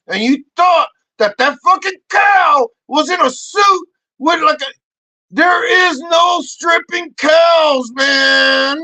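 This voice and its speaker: A man doing a rowdy foul-mouthed loudmouth. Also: very high-pitched, creaky, dry recording, exaggerated voice, poor audio. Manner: shouting, crude, mocking rants. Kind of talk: comedic character sketch.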